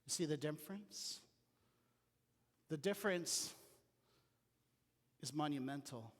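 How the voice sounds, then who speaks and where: A man preaching a sermon as pastor, telling personal stories in an earnest way that drops to a quiet voice. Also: fairly high pitch, animated, slow pace, big-room sound. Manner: earnest storytelling with quiet dips. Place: church sanctuary.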